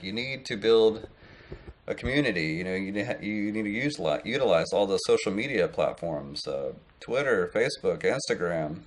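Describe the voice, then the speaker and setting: Rambling man in his late thirties. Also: lowish voice. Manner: rambling, lots of fillers and restarts. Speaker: online business vlogger. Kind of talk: casual talk to camera.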